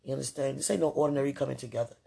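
A woman's voice: a bass voice, very fast, vocal fry, warm tone, slightly rough. A woman recording a rambling, affectionate spoken message to a loved one, laughing often between her thoughts.

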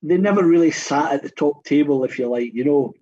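A man's voice: fairly high pitch, a little fast, background noise. A man in his fifties, a guest on a radio show, telling long anecdotes in a rambling way with many restarts. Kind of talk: casual radio chat. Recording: dull, muffled radio studio sound.

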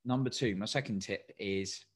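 A man's voice: fairly low pitch, normal speed. A man coaching listeners in a motivational solo talk, tired, encouraging and asking many direct questions. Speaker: coach and podcast host.

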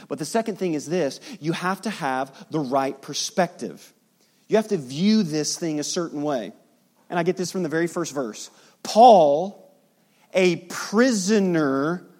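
A middle-aged pastor preaching a sermon, acting out the people he quotes. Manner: animated preaching, acting out quotes with big jumps in pitch.

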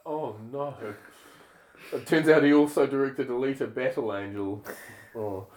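A man improvising a silly film pitch in a comedy sketch, peppering it with "bloody" and "mate". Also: moderate pace, a little mellow. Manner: puts on a broad Aussie-style slang voice with "bloody" and "mate".

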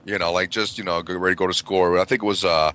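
A man in his forties with a Midwestern American accent, telling a profane, animated story to friends and laughing as he goes. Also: sits low, racing. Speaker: podcast co-host telling stories. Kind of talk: casual storytelling among friends.

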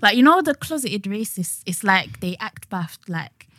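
A young woman chats casually as a podcast co-host. She uses slang, restarts her sentences often and speaks at an even middle pitch. The sound is dry and close. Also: unhurried, no room sound. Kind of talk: casual chat.

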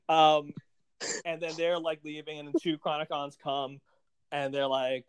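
A man in casual chat recapping a TV episode, animated, acting out the characters' lines and laughing often. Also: fairly high pitch, normal speed, clean tone, no echo. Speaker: podcast co-host recapping a TV episode.

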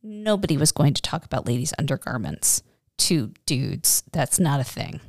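Low-voiced chatty woman podcaster. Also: very animated, normal speed, darkish tone, dry recording, studio quality. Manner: chatty, enthusiastic, digressive. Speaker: podcast co-host. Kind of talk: casual chat.

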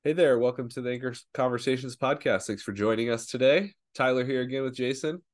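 A man's voice: medium pitch, fast talker. A man hosting a church podcast in casual chat, with a dry, teasing sense of humor.

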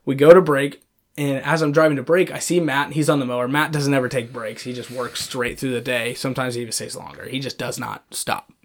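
A young man casually telling stories about his coworkers, animated and full of fillers like "like" and "um.". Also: mid-range voice, fairly quick. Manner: animated storyteller, many fillers like "like" and "um". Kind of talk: casual storytelling chat.

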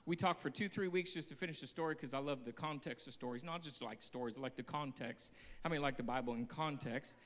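A man preaching as a guest pastor, telling a story that swings between quiet asides and loud outbursts. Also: mid-range voice, quick pace. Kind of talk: sermon. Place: church hall. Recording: long hall reverb.

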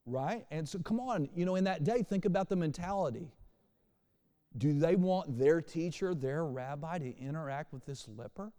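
A man preaching a sermon as pastor, animated, shifting between quiet and loud passages. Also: a little high, moderate pace, big-room sound. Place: church sanctuary.

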